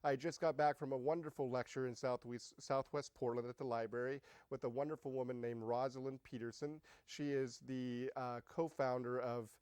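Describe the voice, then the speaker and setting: A man guest-hosting a talk show, interviewing a guest in an excitable, halting way with frequent laughs. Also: mid-range voice, clean tone, no room sound. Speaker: guest host. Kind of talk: casual interview.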